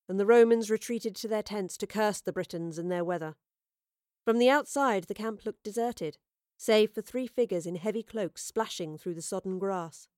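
A woman narrates a storybook in a steady, expressive manner. Her voice sits at a middle pitch. The recording is dry and close, with no room sound. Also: no echo. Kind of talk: storybook reading.

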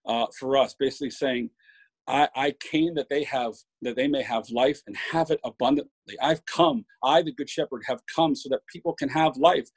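A man preaches an informal sermon, earnest and building in emphasis as he stacks up points. His voice has a slight husky edge, sitting at an ordinary middle pitch. The sound is dry and close, with little room around it. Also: a little mellow, no room sound, rough recording. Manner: earnest, with frequent restarts and rising emphasis.

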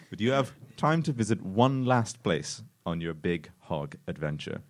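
A man's voice: mid-range voice, fairly bright tone. A man narrating a comic choose-your-own-adventure story in a mock-dramatic way, laughing at his own jokes. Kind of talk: comic storytelling before a live audience.

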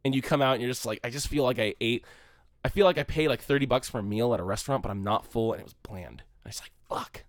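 A man from California co-hosting a casual movie podcast, rambling and swearing, loudly acting out the people he quotes. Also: medium pitch, fast talker, no room sound, clean studio sound. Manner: profane, rambling, shouts when quoting people. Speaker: podcast co-host.

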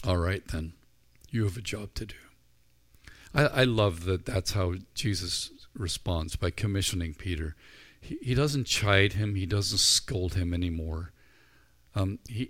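A man's voice: low-pitched, fairly bright tone. A middle-aged male pastor preaching a sermon, retelling scenes in a storytelling way and acting out the voices. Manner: storytelling, acts out the disciples' voices.

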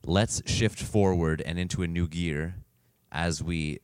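Casting: deep-voiced male co-host, playful and wordy, close dry recording. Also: fairly even intonation, measured pace, a little mellow, clear, resonant tone, no room sound. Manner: wordplay, playful self-corrections. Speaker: podcast co-host. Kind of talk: casual chat.

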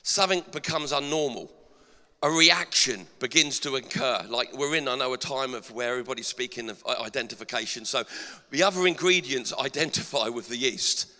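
A middle-aged male pastor delivering an energetic sermon in a church, asking the congregation rhetorical questions. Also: mid-range voice, brisk. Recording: long hall reverb.

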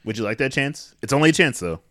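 Man, podcast co-host, fast talker, dry close sound, wry asides. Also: mid-range voice, animated, a bit bright, no room sound. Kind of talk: casual movie recap chat.

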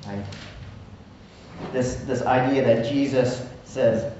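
A man's voice: medium pitch, steady tone, takes it slowly, pauses often, a little hiss or hum. A man preaching a conversational sermon, often checking in with "right?". He is recorded from far off in an echoey church hall with dull sound. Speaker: pastor.

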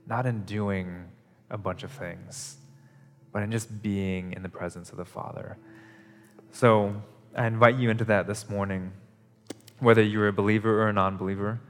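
A male pastor preaching a sermon at a church service, in an earnest, conversational way that repeats its phrases for emphasis. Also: on the low side. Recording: long hall reverb.

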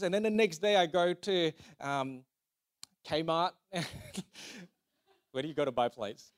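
A pastor, preaching a conversational, jokey sermon and asking the congregation to repeat lines after him. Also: male voice, high-pitched, animated, normal speed, long pauses, smooth.

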